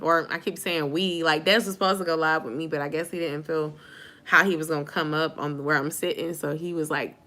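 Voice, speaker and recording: A woman's voice: sits low, bright, forceful tone. A young woman chatting casually with viewers on a late live stream, sleepy and informal, calling them y'all. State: sleepy, yawning. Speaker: YouTube vlogger on a live stream.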